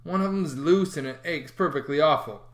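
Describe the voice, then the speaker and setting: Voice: medium pitch, normal speed, lightly acted. Theatrical storybook boy, whiny and pleading, voiced by the narrator.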